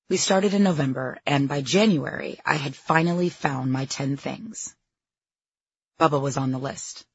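A woman reads her memoir aloud in a candid, self-deprecating way. Her voice is quite husky, and the recording is dry and close, with a slightly muffled top end. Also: very deep voice, a little slow, no echo. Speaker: memoir narrator. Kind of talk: audiobook memoir narration.

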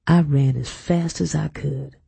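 Gravelly, husky male audiobook narrator. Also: on the high side, fairly even intonation, a little slow, dark tone, no echo. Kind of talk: scripted narration.

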